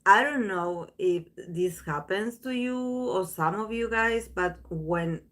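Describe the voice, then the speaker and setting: A woman's voice: medium pitch, takes it slowly, fairly bright tone. A woman hosting a tarot channel, chatting casually to viewers in a rambling way, full of restarts and fillers.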